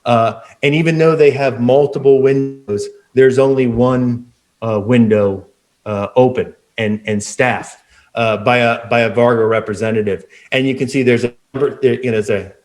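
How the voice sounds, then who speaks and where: A man's voice: mid-range voice, a little mellow. A man narrating a tabletop game as game master, rambling with many fillers and restarts.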